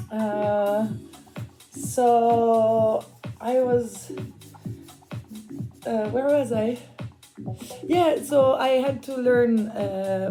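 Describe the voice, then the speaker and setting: A woman in her forties from Switzerland, telling a rambling personal story while she paints. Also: medium pitch. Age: 40s. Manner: rambling, chatty, with frequent fillers and restarts. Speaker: artist and vlogger. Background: background music.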